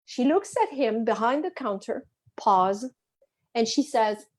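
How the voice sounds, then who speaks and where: A woman's voice: fairly high pitch, measured pace. A French woman with a French accent, a travel writer chatting as a guest over a video call and acting out the people in her stories. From France. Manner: animated storyteller who acts out the people she quotes.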